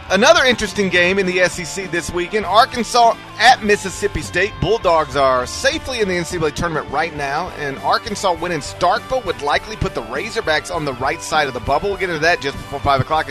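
A sports radio host who talks with animated, teasing energy. His pitch swoops widely and sits a little high for a man. Faint music plays under the studio mic. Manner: animated, teasing, mock-outraged.

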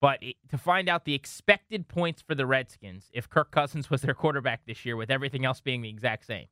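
A man in his thirties co-hosting a casual sports talk show, telling animated stories. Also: mid-range voice, a little fast, smooth, no echo, studio quality. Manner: animated storyteller, slips into funny voices. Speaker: podcast co-host.

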